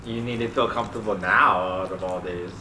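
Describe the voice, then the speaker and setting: A low-voiced man chats at the dinner table at home. He keeps his replies short, dry and teasing. The recording is echoey, with steady noise behind it. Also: fairly quick. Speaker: co-host of a home mukbang channel. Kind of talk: casual chat while eating. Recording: echoey room with background noise.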